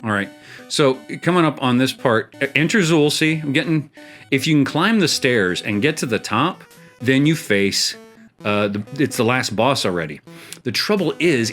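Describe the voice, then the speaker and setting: A middle-aged man chats casually as he plays an old video game, spinning a self-mocking story and laughing at his own punchlines. His voice sits at an ordinary pitch, and faint game music runs underneath. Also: a bit bright. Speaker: gaming show host.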